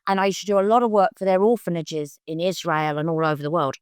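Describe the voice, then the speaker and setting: Older London woman telling animated stories. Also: quick pace, clear, resonant tone, dry recording, clean studio sound. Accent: London English. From London, England. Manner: animated, acts out quoted voices in bursts of high pitch. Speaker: psychic guest. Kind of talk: conversational storytelling.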